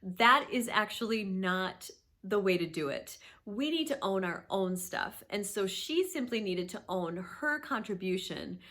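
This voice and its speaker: A woman in her thirties with a bright, clear voice, talking straight to camera as a therapist. Her delivery is earnest and emphatic, and she sometimes sinks to a soft near-whisper. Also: mid-range voice, expressive, measured pace. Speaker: therapist and video host. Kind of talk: warm instructional talk to camera.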